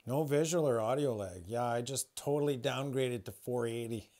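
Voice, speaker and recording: A man's voice: medium pitch, moderate pace, mellow. Rambling man telling a personal story. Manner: rambling, swears freely, frequent restarts. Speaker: spiritual livestreamer. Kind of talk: casual livestream storytelling.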